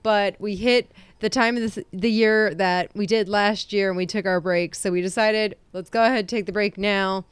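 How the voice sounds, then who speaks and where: A woman's voice: medium pitch, steady tone, moderate pace, hardly any pauses, smooth, dry recording. Chatty woman co-hosting a podcast. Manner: chatty, laughs often, self-deprecating. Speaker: podcast co-host. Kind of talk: casual true-crime podcast chat.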